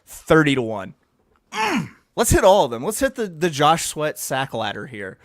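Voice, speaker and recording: A man's voice: a little high, huge pitch swings, normal speed, no room sound, studio quality. A man co-hosting a casual sports betting podcast, joking and quizzing his co-host as he reads out his picks.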